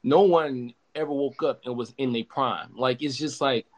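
A young man hosting a podcast in casual chat, talking in an animated, profane, emphatic way with many restarts. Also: medium pitch, normal speed. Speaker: podcast host.

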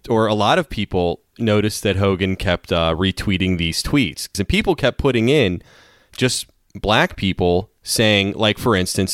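A man with a lowish voice, chatting casually as a podcast co-host. He tells long, meandering stories and breaks into laughter along the way, recorded close and dry with no room sound. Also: a bit bright, no echo. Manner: rambling storyteller, laughs often. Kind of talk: casual chat.

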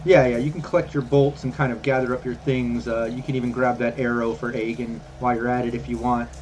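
A man running a tabletop game as game master, talking in a relaxed, rambling way with many fillers. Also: mid-range voice, fast talker, slight background noise.

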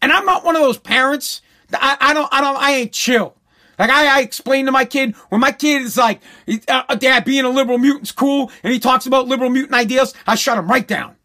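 High-voiced man in a profane rant. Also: fairly quick, sharp tone. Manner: blunt, repetitive, profane ranting.

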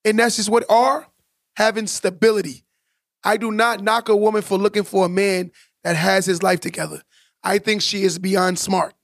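Emphatic high-voiced man, gravelly edge. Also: little pitch movement, moderate pace, fairly bright tone, no room sound, clean studio sound. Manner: emphatic, preachy, repeats for stress. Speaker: podcast co-host. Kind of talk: casual podcast discussion.

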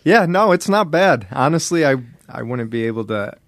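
A man's voice: mid-range voice, lively intonation, normal speed, no room sound, clean studio sound. Loose, laughing male podcast host. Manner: laughing, loose and profane storytelling. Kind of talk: casual podcast chat.

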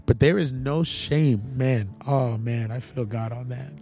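A man's voice: medium pitch, measured pace, warm tone. Young male preacher, congested, earnest, pleading, repeats lines, outdoor sermon, faint music behind. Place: outdoors in the cold. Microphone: camera facing the speaker.

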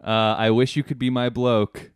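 A man's voice: medium pitch, level tone, moderate pace, smooth, no room sound. A man hosting a casual comedy podcast, reading texts aloud in a dry, matter-of-fact way. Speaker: podcast host.

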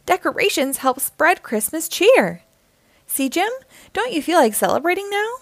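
A woman voicing an excitable little female bird who chirps and gushes in a storybook. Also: very high voice, normal speed, dry recording, voice pushed up, exaggerated voice. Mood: excited. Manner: chirpy, gushing.

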